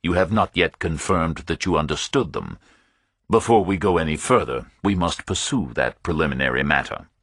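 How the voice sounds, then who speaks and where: A man voicing a stubborn, formal male chief of detectives in his forties with a deep, rumbling voice and precise, clipped speech. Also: animated, moderate pace, a bit bright, breathy edge, dry recording, studio quality, exaggerated voice.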